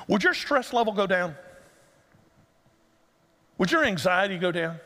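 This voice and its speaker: Middle-aged man, pastor, sermon, joking storyteller, slightly high voice, long hall reverb. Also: normal speed, pauses often. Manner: animated, conversational storytelling with humor.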